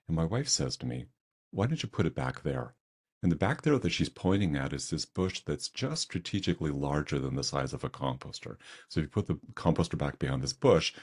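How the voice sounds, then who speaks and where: Older male presenter, very deep voice, conversational storyteller. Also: a little mellow. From Canada. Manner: conversational, self-deprecating storyteller. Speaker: webinar presenter.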